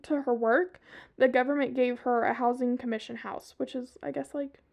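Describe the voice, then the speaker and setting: Southern woman, young, true-crime podcast host, high voice, profane and chatty. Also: steady tone, normal speed, gravelly, a little mellow. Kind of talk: casual true-crime storytelling.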